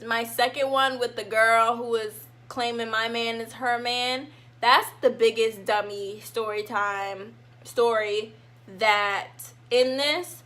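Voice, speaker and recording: A young woman tells a storytime in a casual vlog with a bright, high-set voice. She is animated and acts out her own past lines with drama. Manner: animated, dramatic reenactments of herself. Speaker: vlogger.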